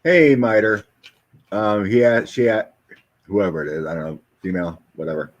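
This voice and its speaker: Male host, deep and a little raspy, loose rambling chat delivery. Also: moderate pace, dull audio. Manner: rambling, animated, mocking impressions. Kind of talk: casual chat with tarot reading.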